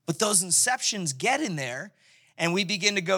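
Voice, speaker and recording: A man preaching a sermon in a conversational, animated way, acting out the scripture as he goes. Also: high voice, moderate pace, husky. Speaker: pastor.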